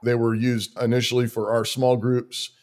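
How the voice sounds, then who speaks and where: A man's voice: medium pitch, little pitch movement, normal speed, a little mellow. A man who leads a church, talking through practical Christian living in an earnest, rhythmic way, often stacking short commands in lists. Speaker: church leader. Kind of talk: conversational interview talk.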